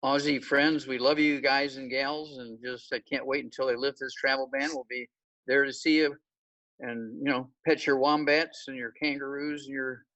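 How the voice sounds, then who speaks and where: A man delivers an informal lecture on a group call, folksy and emphatic. He keeps punctuating his points with "okay". His voice comes across distant, as if he is sitting well back from the mic, at an ordinary middle pitch. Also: level tone, moderate pace, bright, forceful tone, highs cut off. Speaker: guest lecturer.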